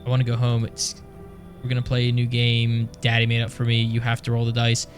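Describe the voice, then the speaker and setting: A man voicing an eerie child in a horror game who talks calmly about odd rules. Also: mid-range voice, brisk, over music, lightly acted. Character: eerie child who sees night as normal.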